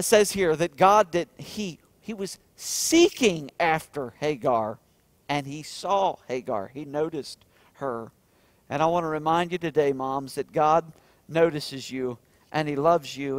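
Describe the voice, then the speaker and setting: Earnest pastor, bright dry voice. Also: male voice, on the high side, dry recording. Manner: earnest, rising to emphatic peaks then dropping soft and tender. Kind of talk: sermon. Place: church.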